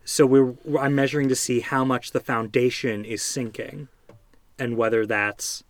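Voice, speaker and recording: A man co-hosting a podcast, telling a story in casual chat with halting restarts. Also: mid-range voice, fairly even intonation, dry recording. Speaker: podcast co-host.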